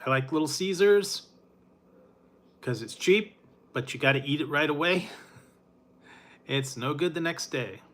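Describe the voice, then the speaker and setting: A man's voice: on the high side, unhurried, pauses often, a bit bright. A middle-aged man hosting a casual chat with his live viewers, rambling in a laid-back way with frequent chuckles and fillers. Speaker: food reviewer.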